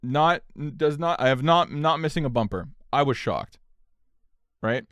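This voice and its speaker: Animated, profane storyteller man. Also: a little high, a little slow, dry recording, studio quality. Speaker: podcast co-host. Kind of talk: casual storytelling chat.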